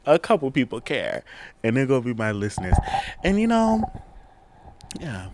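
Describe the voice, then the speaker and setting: A young man hosting his own podcast in a casual, chatty, slangy way, laughing often and swinging from hushed to loud. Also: lowish voice, sing-song, normal speed, pauses often, a little hiss or hum. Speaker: podcast host. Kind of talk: casual solo podcast chat. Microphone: camera on a tripod.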